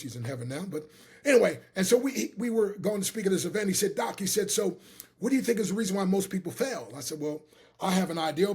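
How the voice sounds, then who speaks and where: A middle-aged man giving an energetic motivational talk, repeating his words and calling the listener "my friend". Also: high voice, gravelly, breathy edge. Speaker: motivational speaker.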